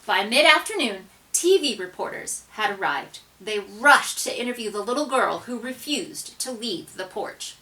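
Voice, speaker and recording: A woman reading a children's picture book aloud, with expressive, dramatic narration and hushed asides. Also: medium pitch, moderate pace, few pauses, far from the mic, rough recording. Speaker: storybook reader.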